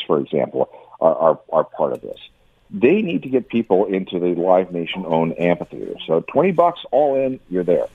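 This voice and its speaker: A man commenting on the music industry in a radio interview, stammering and repeating words with an animated delivery. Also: low voice, husky, no echo. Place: lives in Canada. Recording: tinny phone line.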